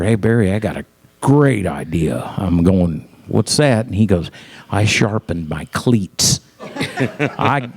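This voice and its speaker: A middle-aged man with a fairly low, slightly mellow voice swaps casual stories about his music career. He laughs a lot and voices other people's lines loudly as he acts them out.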